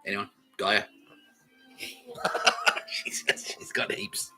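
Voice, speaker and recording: Over music on a rough recording, a man speaks extremely slowly. He's a comedy podcast host giving a repetitive, profanity-filled monologue, swearing constantly, repeating phrases, and laughing at his own lines.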